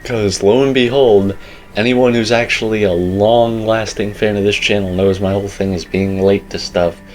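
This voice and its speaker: A man's voice: fairly low pitch, fairly even intonation, moderate pace, a little mellow, soft background music, rough recording. A young man giving casual, rambling commentary on a game teaser, opinionated and full of filler words. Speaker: gaming YouTuber.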